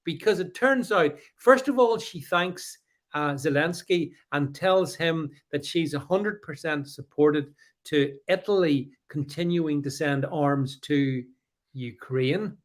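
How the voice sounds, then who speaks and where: A man co-hosting a podcast, chatting casually about politics and reading out live comments, with many restarts. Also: a little high. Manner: halting, many restarts, animated. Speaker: podcast co-host.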